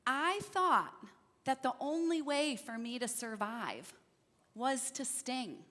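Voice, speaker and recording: A hushed, apologetic scorpion from a told fable, voiced by a woman. The voice is high and bright, the pace slow. A long church-hall reverb trails each word. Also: expressive, exaggerated voice. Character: pleading scorpion that can't help stinging. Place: church sanctuary.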